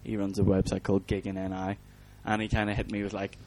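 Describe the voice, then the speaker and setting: A man's voice: on the low side, monotone, fast, a little mellow. A man hosting a podcast in a rambling, jokey chat. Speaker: podcast host. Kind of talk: casual chat.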